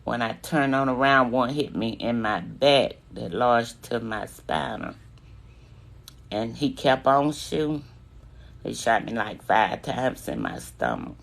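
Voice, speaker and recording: A woman's voice: very deep voice, very animated, takes it slowly, creaky. A woman telling her own survival story live to her viewers. She speaks with emotion, holds back tears, and calls her listeners "y'all" and "babies.". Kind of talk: live-stream personal storytelling.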